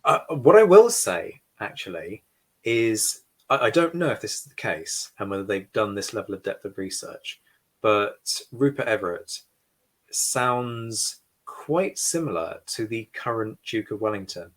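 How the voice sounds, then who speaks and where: A man's voice: fairly low pitch, lively intonation, unhurried. A man hosting a history podcast livestream, giving opinionated commentary with dry sarcastic asides. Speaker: podcast host. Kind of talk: livestream reaction discussion.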